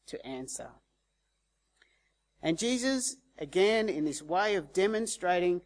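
A man preaching a sermon in a conversational way, acting out the voices in the story he tells. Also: sits high. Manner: conversational, acts out quoted voices. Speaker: pastor.

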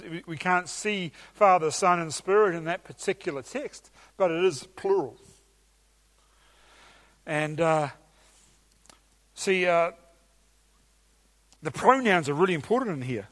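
A man's voice: fairly high pitch, fairly bright tone. A man preaching a teaching sermon with emphatic enthusiasm and some hesitations.

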